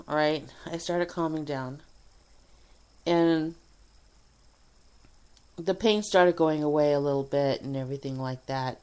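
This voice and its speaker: A woman telling a personal hospital story in a casual, animated way, swearing often and laughing between lines. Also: mid-range voice. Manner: animated, profane, frequent laughs and fillers. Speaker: radio show host telling a personal story.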